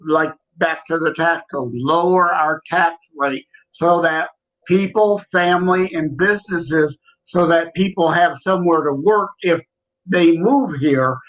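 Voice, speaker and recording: An earnest, literal man from Michigan co-hosts a casual podcast. His voice sits a bit high, and it comes through a dull, muffled lo-fi recording. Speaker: podcast co-host.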